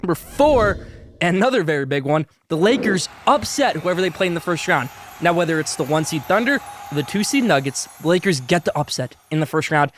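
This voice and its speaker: A man hosting a sports podcast, pitching a sponsor and giving basketball hot takes between bites of food, talking with food in his mouth at times. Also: lively intonation, brisk, a bit bright, a little hiss or hum. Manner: hyped, salesy, talks with food in mouth. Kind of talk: sponsored hot-takes segment while eating.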